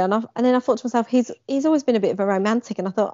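Racing along in a high-leaning voice, a young female guest tells a personal story in conversation, bringing moments to life and performing quoted lines emphatically. The sound is dry and slightly dull, with a lo-fi quality.

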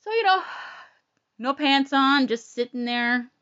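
A woman telling a personal story in a blunt, profane and animated way. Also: high voice, measured pace, dry recording, highs cut off.

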